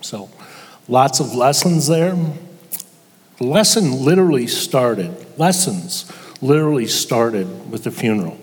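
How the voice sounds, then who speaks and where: An older man telling a personal story as a guest before an audience, halting with pauses and restarts. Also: mid-range voice, lively intonation, long reverb tail. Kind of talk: personal testimony to a live audience.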